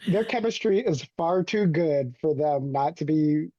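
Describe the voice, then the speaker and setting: Low, slow-talking woman co-host. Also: expressive, mellow, dry recording, dull audio. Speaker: podcast co-host. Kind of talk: casual chat recapping a soap opera.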